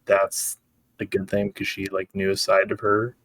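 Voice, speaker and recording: A man's voice: low voice, completely flat delivery, moderate pace, fairly bright tone, no room sound. A man co-hosting a podcast, recapping an episode in loose, joking, profane chat. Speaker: podcast co-host.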